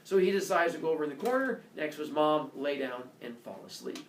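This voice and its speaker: A man's voice: fairly high pitch, lively intonation, quick pace. A man retelling a myth in a casual, playful, jokey way. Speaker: storyteller. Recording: echoey room, distant mic, faint noise.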